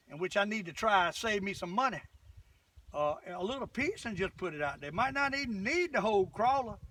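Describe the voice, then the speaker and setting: An older man with a drawl, talking folksy and chatty to his viewers out on a boat. His voice runs high and bright, and it bounces all over the place. The camera mic sits a little way off, so he sounds distant outdoors. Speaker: fishing vlogger. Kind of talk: excited fishing vlog commentary.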